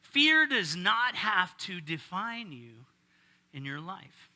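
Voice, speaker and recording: A man's voice: high voice, big pitch swings, slow pace, pushed and bright. A middle-aged male pastor preaching a casual sermon, joking and bantering with his congregation.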